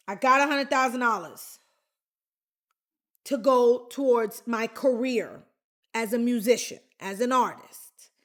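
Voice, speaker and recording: A woman from the Bronx tells her own story on her podcast. She speaks slowly and candidly, in a slightly raised voice. She talks straight to her listeners like she's chatting with friends. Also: fairly high pitch, fairly bright tone. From the Bronx, New York. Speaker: podcast host. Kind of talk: personal storytelling.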